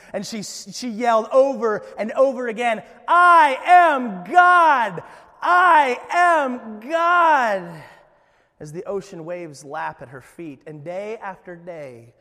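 A man preaching a sermon in a church, telling a story with lively energy and frequent restarts. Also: sits high, big-room sound. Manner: animated storytelling with many restarts. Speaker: pastor.

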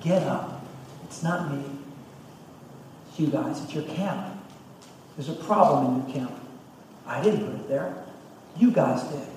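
Stern, hushed God rebuking his people, as a male preacher puts him on, heard from afar in a reverberant hall. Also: moderate pace, slight background noise, close to an everyday voice. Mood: firm rebuke. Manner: lowered, hushed, firm rebuke. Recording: echoey hall, distant mic.

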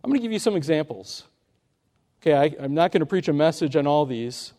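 A man's voice: fairly high pitch, animated, fairly quick, warm tone. A man preaching an earnest sermon, telling a story and pressing his points with rising emphasis. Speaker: pastor.

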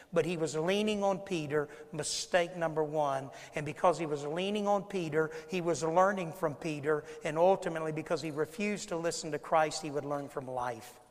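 A male pastor with a high-pitched voice preaches in a church. He swings between loud emphatic lines and hushed asides, and he acts out the people he quotes. His voice carries a long, ringing reverb from the sanctuary. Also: moderate pace, few pauses. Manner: preaching with dramatic swings in volume, acting out quoted speakers. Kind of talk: sermon.

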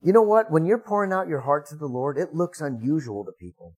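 A man's voice: fairly high pitch, lively intonation, fairly quick, darkish tone. A middle-aged man, a pastor, preaching a sermon in a conversational way, acting out the prayers he quotes with rising emphasis.

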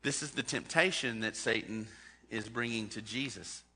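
A man's voice: fairly low pitch, normal speed, bright, forceful tone, slightly rough. A man preaching a sermon as a pastor, talking in a conversational way and putting direct questions to his congregation. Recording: long hall reverb.

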